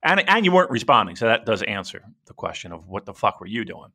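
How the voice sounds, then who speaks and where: A man's voice: on the low side, quick pace. A man co-hosting a casual podcast, rambling and swearing freely as he talks wrestling. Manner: profane, rambling, animated. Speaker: podcast co-host.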